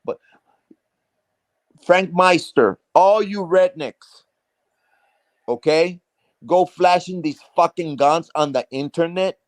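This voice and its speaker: A man's voice: a little high, slow pace, pauses often, dry recording. A man from South Texas, ranting on a live stream with heavy profanity, restarting phrases and hammering each point. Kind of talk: heated casual rant.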